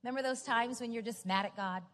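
Middle-aged woman pastor, high voice, conversational storytelling sermon in a reverberant hall. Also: fast talker, a bit bright. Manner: storytelling, chatty asides, rising to emphatic. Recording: large hall with reverb, faint music.

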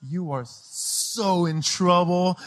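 A man putting on a frantic shrieking mother. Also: extremely slow. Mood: doting. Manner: shrill, shouting, fussing. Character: frantic loving mother, middle-aged woman.

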